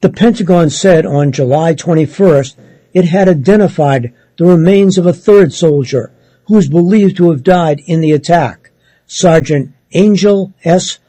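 Slow, husky man reading the news. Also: a little high, no echo, rough recording. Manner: measured, steady read with occasional self-corrections. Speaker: news article reader. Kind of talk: reading a news article aloud.

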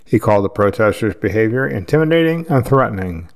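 A man reading news articles aloud in a steady, measured way, with the odd slip. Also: on the low side. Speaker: news reader.

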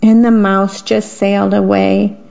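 A woman volunteer broadcaster reading children's bedtime stories aloud, gently, stopping to describe the pictures. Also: medium pitch, flat delivery, a little slow, vocal fry. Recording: dull lo-fi radio broadcast.

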